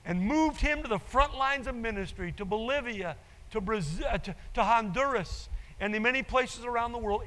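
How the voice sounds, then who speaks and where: A man's voice: extremely high pitch, fairly bright tone. An older man, a pastor preaching a sermon with emphasis and repeating his key phrases. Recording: long reverb in a large hall.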